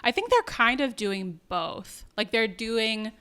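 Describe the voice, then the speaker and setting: A woman co-hosting a podcast, recapping a series in casual chat with quick asides. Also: a little high, big pitch swings, bright, forceful tone, smooth. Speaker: podcast co-host.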